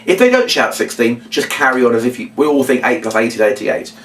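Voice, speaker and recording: A middle-aged man teaching a children's magic routine, animated and acting out his patter lines. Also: brisk, slight background noise. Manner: animated, jumps into a high shouty kids'-show voice for demo lines. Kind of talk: instructional talk with acted-out patter. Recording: echoey room, mic at a distance.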